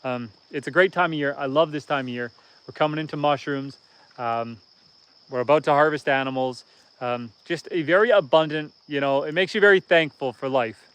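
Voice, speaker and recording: Easygoing Canadian homesteader, clear voice. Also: male voice, on the high side, fairly quick, a bit bright. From northern Canada. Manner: easygoing and rambling, reads viewer comments aloud. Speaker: homesteading livestream host. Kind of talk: casual livestream chat. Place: outdoors on a homestead.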